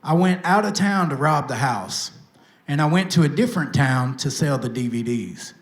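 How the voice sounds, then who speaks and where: A man, a recovery pastor telling his life testimony to a live audience with lively, self-mocking storytelling. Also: fairly high pitch, moderate pace. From Tennessee, USA. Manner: lively storytelling with self-mocking humor, addresses the crowd directly. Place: event stage with live audience. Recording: echoey room sound.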